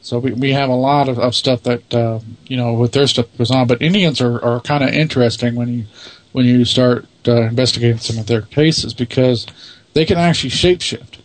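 A man's voice: mid-range voice, steady tone, fairly quick, dry recording. A man who leads a paranormal investigation team answers interview questions in a matter-of-fact, self-assured way.

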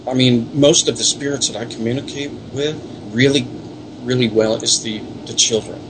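A man's voice: medium pitch, fairly even intonation, normal speed, noisy background. A man, a paranormal investigator, telling earnest, rambling stories in a casual interview. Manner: earnest, rambling storyteller with many restarts.

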